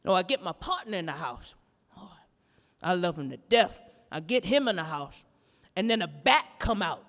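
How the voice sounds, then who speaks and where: A woman performing a standup comedy routine live, telling a story in a brash, profane, animated way. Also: on the low side, moderate pace, long reverb tail. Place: live performance in a gallery space.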